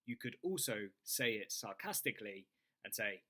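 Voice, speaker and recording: A young British man teaching an English lesson, saying phrases slowly and clearly for learners to repeat. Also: on the low side, big pitch swings, sharp tone.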